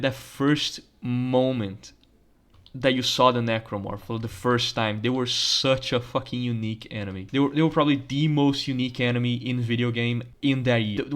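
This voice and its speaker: A young man doing casual gameplay commentary in a voice of middling pitch. He rants with plenty of swearing and breaks into laughter often. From Brazil. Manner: profane, ranting, laughs often. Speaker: gaming channel host.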